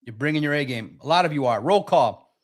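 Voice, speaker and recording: Live-stream sports host, male, slightly high voice, animated and sarcastic, reads chat aloud. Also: brisk.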